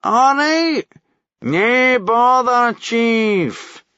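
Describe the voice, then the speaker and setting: A man's voice: high-pitched, expressive, slow pace, bright, forceful tone, dry recording, highs cut off, voice pushed up, full character voice. A man reading a novel aloud, voicing a cocky young male prisoner from Glasgow who talks in a mocking, swaggering, foul-mouthed way in a Glaswegian accent.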